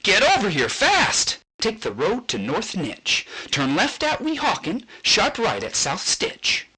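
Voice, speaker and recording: Storybook figure: woman playing a greedy pushy salesman, bright lively voice. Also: medium pitch, unhurried, husky, pitched above the performer's own voice, exaggerated voice, low-quality recording. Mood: eager. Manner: eager salesman patter. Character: greedy eager businessman, pushy.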